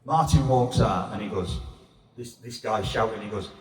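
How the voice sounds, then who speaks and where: A man's voice: on the low side, moderate pace, slight background noise. A middle-aged man doing a crude, swearing stand-up set on a handheld mic in a pub comedy room. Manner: crude, blunt storytelling with swearing. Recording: echoey pub room from far off.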